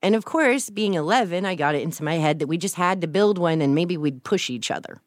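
Low-voiced woman from Texas, candid. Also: animated, brisk, dry recording. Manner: casual and candid, with "like" fillers. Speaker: interview guest. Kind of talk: personal storytelling in an interview.

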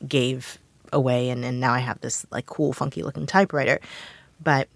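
A woman's voice: a bass voice, steady tone, normal speed, vocal fry, no echo. A woman co-hosting a show, chatting casually with lots of fillers. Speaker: co-host. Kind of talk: casual chat.

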